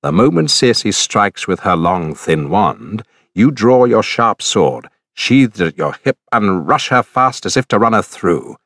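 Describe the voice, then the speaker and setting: A man's voice: fairly low pitch, sing-song, measured pace, few pauses, fairly bright tone, no echo, heavily acted. Man reads a young male god for a storybook: earnest, instructive, clean dry read. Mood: urgent counsel. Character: youthful male god, kindly and warning.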